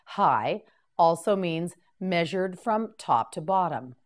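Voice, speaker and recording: A woman with a lowish voice leads a scripted English vocabulary drill. She speaks very slowly, repeating each word clearly and prompting the listener to repeat it.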